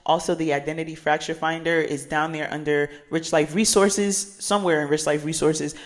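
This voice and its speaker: A woman's voice: deep voice, fairly even intonation, moderate pace. A woman from New Jersey, a life coach, giving a casual motivational daily check-in in a chatty, slangy storytelling way with repeated phrases. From New Jersey, USA.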